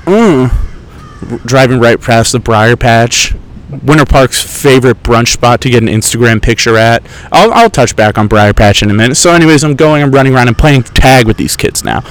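A man's voice: mid-range voice, moderate pace, low-quality recording. A young man chats casually as a podcast host, telling rambling stories. His talk is profane and sarcastic, with a wandering, offhand flow. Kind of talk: casual storytelling chat. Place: outdoors in a park.

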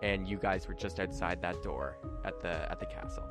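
A man's voice: deep voice, normal speed, loud music behind the voice. A man narrating as game master in a casual, rambling way with lots of fillers.

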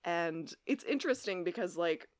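Lively woman recapping with acted-out quotes. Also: fairly low pitch, normal speed, dry recording, studio quality. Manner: animated, acts out characters' lines while recapping. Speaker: podcast co-host. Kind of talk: casual recap chat.

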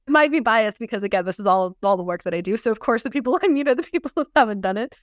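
A woman's voice: a little high, animated, fast, no room sound, clean studio sound. A woman in her thirties, a somatic practitioner and podcast guest, talking in a reflective way with frequent laughs and restarts. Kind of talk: casual podcast conversation.

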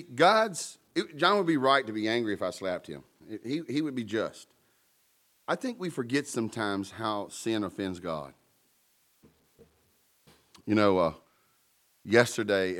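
A man's voice: lowish voice, a bit bright. A man preaching a sermon in a conversational way, with playful asides and emphatic peaks. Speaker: pastor.

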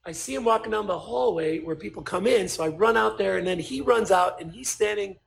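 A man, a podcast guest telling a story in casual chat, animated and swearing as he acts out what people said. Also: high-pitched, a little fast, creaky.

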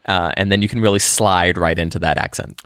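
Low-voiced musing podcast co-host. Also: male voice, steady tone, a bit bright, dry recording, clean studio sound. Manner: musing, halting, stumbling restarts. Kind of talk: casual chat.

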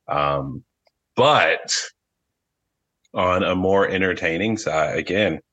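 A man's voice: low-pitched, takes it slowly, bright, forceful tone, dull audio. A man co-hosting a casual podcast recap, joking and swearing freely. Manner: profane and joking. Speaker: podcast co-host.

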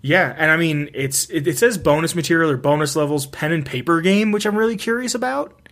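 A man's voice: on the high side, brisk, fairly bright tone. A young man chatting casually as a podcast co-host, rambling with lots of "like" and restarts. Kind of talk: casual chat.

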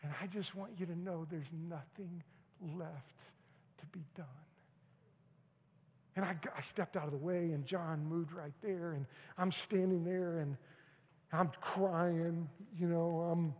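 A middle-aged male pastor telling a personal story in a sermon, moving from loud urging to hushed, near-whispered moments. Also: fairly high pitch, steady tone, measured pace. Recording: long hall reverb.

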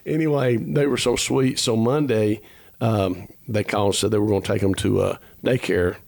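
A man's voice: lowish voice, fairly even intonation, moderate pace, creaky, darkish tone, dry recording. A man, telling a long personal story as a podcast guest, earnest and rambling, acting out the dialogue as he goes. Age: 50s. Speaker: musician guest.

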